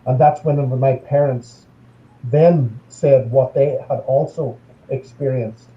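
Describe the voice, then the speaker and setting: An Irish man, a guest paranormal investigator, telling a story on a video call in a halting, measured way, often repeating words. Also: medium pitch, fairly even intonation. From Ireland. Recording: dull lo-fi call audio, echoey room.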